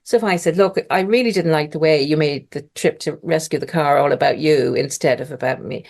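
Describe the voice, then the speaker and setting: A middle-aged woman talks on a podcast, her voice sitting a little low for a woman. She tells her story in an animated, conversational way and jumps into other people's voices when she quotes them. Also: fairly quick, vocal fry, hardly any pauses. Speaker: podcast guest.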